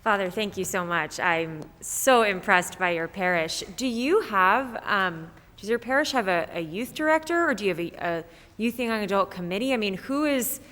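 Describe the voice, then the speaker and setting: A woman from the audience puts eager, effusive questions to the speaker. Her voice is bright and forward at a mid pitch. The room adds a long reverb. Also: animated, moderate pace. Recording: reverberant hall.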